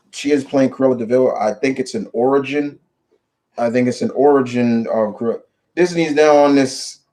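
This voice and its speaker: A man hosting a casual live chat about movies, talking in an animated, rambling way with lots of restarts. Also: medium pitch. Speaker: show host.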